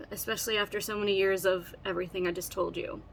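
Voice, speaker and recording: Tearful gravelly-voiced woman. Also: medium pitch, little pitch movement, slight background noise. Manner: earnest, emotional, halting with restarts. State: tearful, holding back crying. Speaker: vlogger telling her own story. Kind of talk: personal storytelling to camera.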